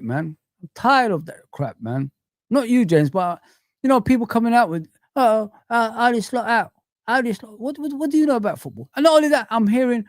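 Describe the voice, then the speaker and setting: A man's voice: extremely high pitch, a little mellow, no echo, studio quality. A man hosting a football live stream, ranting in heated street slang as he reads the chat.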